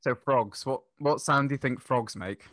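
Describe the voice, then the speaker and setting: Guy guesting on a podcast, sharp bright voice, dead dry mic, explains stuff slowly. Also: medium pitch, no room sound. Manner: explains patiently, with examples. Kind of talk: casual podcast chat.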